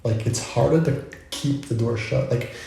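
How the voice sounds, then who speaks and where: A man's voice: mid-range voice, normal speed, vocal fry, mellow, a little hiss or hum. A man vlogging, musing in a loose, rambling way full of asides. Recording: very echoey room.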